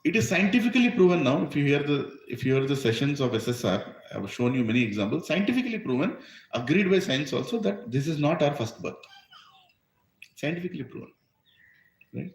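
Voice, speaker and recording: A man's voice: on the high side, big pitch swings, fairly quick, echoey room, poor audio. A man with an Indian accent giving an emphatic religious discourse, full of rhetorical questions. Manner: emphatic, rhetorical, asks "right?" often. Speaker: spiritual teacher.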